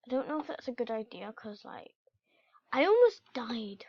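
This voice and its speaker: A woman giving casual, excitable commentary while playing a video game and chatting to her in-game pets. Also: a little high, moderate pace, no room sound. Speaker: gameplay channel host. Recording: dull lo-fi home recording.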